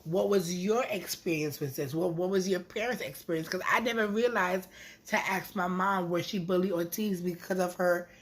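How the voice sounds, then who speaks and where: A woman chatting casually to camera as a vlogger, rambling with lively asides. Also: on the low side, moderate pace.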